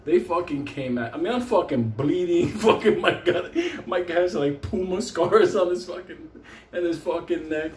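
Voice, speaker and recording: A man's voice: a little high, normal speed. Profane New man telling a story. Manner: animated, laughs often, heavy swearing. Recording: roomy echo, faint ambience.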